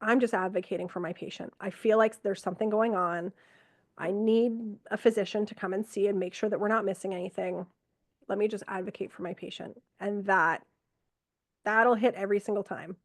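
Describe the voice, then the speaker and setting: A middle-aged woman, an ER nurse from Canada, telling stories from work in a lively conversational way, acting out what she and others said. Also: mid-range voice, brisk, no room sound, clean studio sound. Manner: animated, quotes herself and others, frequent fillers. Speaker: ER nurse, podcast guest. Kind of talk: conversational storytelling.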